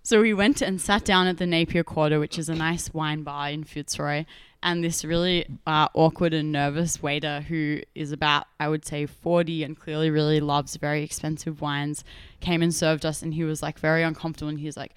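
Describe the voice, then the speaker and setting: A young Australian woman co-hosting a chatty podcast, with a smooth, clean tone sitting a little low for a woman. She tells stories with animated energy, laughs often and acts out what people said. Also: normal speed, no echo, studio quality. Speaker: podcast co-host. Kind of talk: casual storytelling chat.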